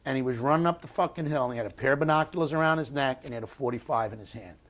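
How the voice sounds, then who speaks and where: An American man in his sixties tells his story in an oral history interview. His voice sits at an ordinary middle pitch. He speaks bluntly and swears, with halting starts and restarts. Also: a bit bright. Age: 60s. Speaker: war veteran interviewee.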